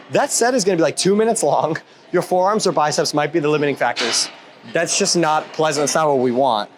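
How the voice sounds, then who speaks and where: A man's voice: fairly high pitch, a little hiss or hum. A man in his thirties giving a casual workout tutorial in a gym. He rambles and jokes, with goofy asides and self-interruptions. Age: 30s. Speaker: fitness YouTuber.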